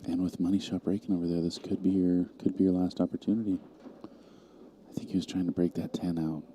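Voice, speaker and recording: A man's voice: deep voice, level tone, fast talker, mellow, a little hiss or hum. A man calling a live pool match in an easygoing, dry play-by-play manner. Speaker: pool commentator. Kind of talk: live stream commentary.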